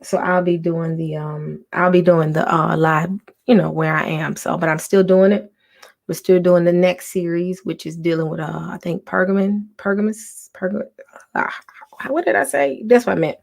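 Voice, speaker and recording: Lady chatting on a home livestream, kinda hushed, low raspy voice, lots of ums. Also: normal speed. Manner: soft, half-whispered talk with many ums and restarts. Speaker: livestream host. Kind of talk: casual livestream chat.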